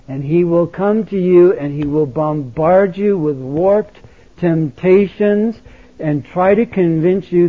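High-voiced impassioned male preacher. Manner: impassioned, swinging between loud exhortation and quiet intimacy. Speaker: pastor. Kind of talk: sermon. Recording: tinny phone-like sound.

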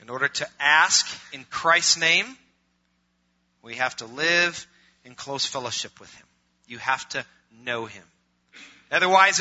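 A middle-aged male pastor preaching a sermon, swinging from loud emphatic preaching to quiet conversational asides. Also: high-pitched. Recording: muffled lo-fi recording.

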